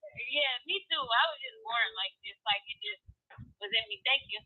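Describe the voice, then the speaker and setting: A young woman in her twenties, chatting casually in a soft, laid-back way. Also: on the high side, lively intonation, moderate pace, husky. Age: 20s. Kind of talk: casual chat. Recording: tinny phone-like audio.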